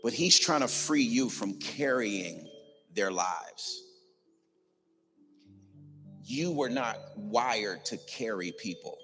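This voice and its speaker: A man's voice: fairly low pitch, animated, slow, long pauses, fairly bright tone. A man preaching a sermon in a church, passionately driving his points home and repeating phrases for emphasis. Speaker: pastor. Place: church sanctuary. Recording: long reverb in a large hall, faint music behind.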